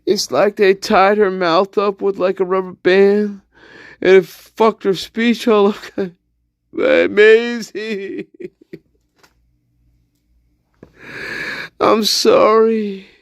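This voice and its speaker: A man with a high voice hosts a casual livestream, talking slowly and teasing with crude jokes. He laughs often between his remarks. The sound is close and dry. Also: little pitch movement, smooth, dry recording, highs cut off. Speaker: livestream host.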